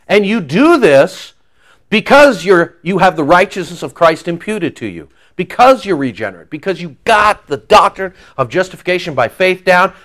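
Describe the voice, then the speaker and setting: A male pastor preaching a sermon in an animated, joking way, acting out quoted voices. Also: high voice.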